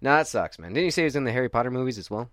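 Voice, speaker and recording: A man's voice: mid-range voice, animated, racing, fairly bright tone, dry recording, clean studio sound. A man co-hosting a casual podcast, joking and swearing freely. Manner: irreverent, profane, joking. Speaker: podcast co-host.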